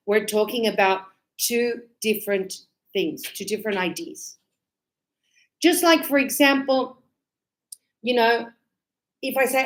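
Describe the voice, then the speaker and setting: A woman teaching an English grammar lesson, animated, acting out student replies in a higher voice. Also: takes it slowly, pauses often.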